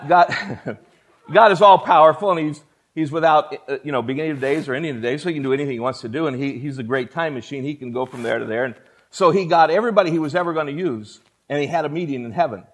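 A male pastor delivers a sermon, folksy and emphatic, speaking straight to the room. His voice sits high for a man.

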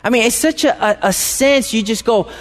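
A man with a high voice preaches to a congregation, leaning on repeated phrases and direct questions to the room. His words ring out with a long reverb, as in a large church hall. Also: moderate pace. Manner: conversational, asks the congregation questions; emphatic, repeats phrases for stress. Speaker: pastor. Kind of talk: sermon.

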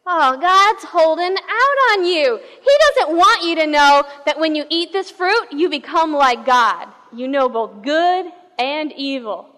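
A woman pastor voicing a sly male serpent tempter who coaxes slowly and persuasively. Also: high voice, lively intonation, sharp tone, exaggerated voice. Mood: coaxing. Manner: coaxing, slow and persuasive. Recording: reverberant hall.

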